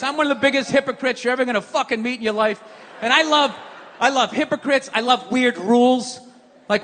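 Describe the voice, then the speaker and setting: A man doing a stand-up rant on stage, cursing freely and yelling his punchlines while mocking people in put-on voices. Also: very high voice. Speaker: stand-up comedian. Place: large comedy venue with a live audience. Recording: live stage recording, long hall reverb, crowd noise.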